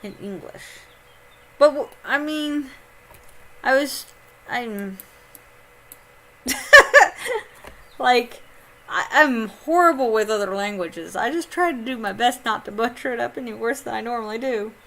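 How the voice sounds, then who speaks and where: A woman's voice: fairly high pitch, measured pace, pauses often, a bit bright. A woman from Indiana, chatting casually on a live stream while she plays a game, reading chat aloud and laughing often. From Indiana, United States.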